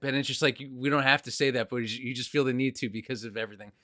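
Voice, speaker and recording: Enthusiastic young host, very dry sound. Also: male voice, mid-range voice, rapid-fire, no echo. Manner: animated, enthusiastic, says "dude" and "like" a lot. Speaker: podcast host. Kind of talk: casual chat.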